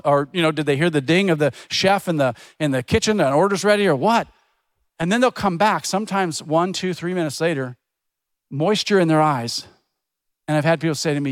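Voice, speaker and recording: Middle-aged pastor guy preaching, chatty storytelling, kinda high voice, dry close sound. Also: fast talker, dry recording. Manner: conversational storytelling, acts out quoted voices. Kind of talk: sermon. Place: church.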